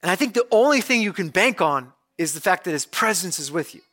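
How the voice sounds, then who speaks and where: A male pastor giving a conversational, animated sermon, retelling scripture as a story. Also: sits high, fairly quick.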